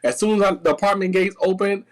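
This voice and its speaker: A man's voice: high-pitched, fast talker, low-quality recording. Rambling young man telling a story. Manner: rambling, animated storyteller with many restarts. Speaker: guest. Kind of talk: casual storytelling chat.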